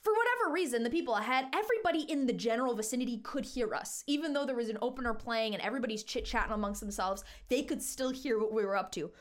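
A young woman hosting a podcast, telling a story in an animated, self-mocking, slangy way. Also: a little high, fast talker, few pauses. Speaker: podcast host. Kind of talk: casual storytime.

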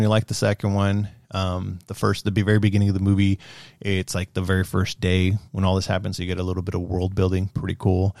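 Low gravelly man rambling about movies. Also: dry recording, studio quality. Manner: rambling and animated, lots of fillers and swearing. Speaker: movie reviewer. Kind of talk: casual movie review chat.

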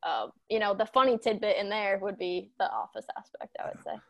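A woman in her twenties chatting casually on a podcast, telling animated stories with lots of "like". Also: medium pitch, fairly quick, no room sound. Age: 20s. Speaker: sports journalism intern.

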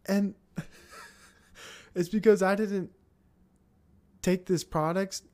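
A man's voice: fairly high pitch, a little mellow. Profane, rambling man ranting on a podcast. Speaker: podcast host. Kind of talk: casual solo podcast rant. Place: home, seated at a computer on a dining chair.

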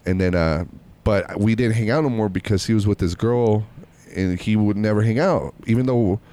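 Casual male storyteller, lowish voice, rambling, loose delivery. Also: normal speed, mellow. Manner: rambling, with many fillers and restarts.

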